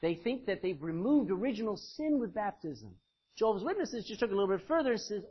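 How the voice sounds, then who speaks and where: Husky, animated male preacher. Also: high-pitched. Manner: emphatic, calls on congregants by name to read verses. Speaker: preacher teaching a Bible study. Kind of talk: interactive sermon. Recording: dull lo-fi recording.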